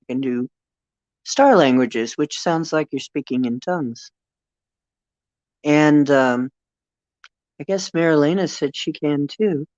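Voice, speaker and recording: Vlog host, slow and halting with many fillers, in a dry, dull lo-fi recording. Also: medium pitch, a little mellow, no room sound. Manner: hesitant, musing, frequent fillers. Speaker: channel host. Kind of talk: casual spiritual talk.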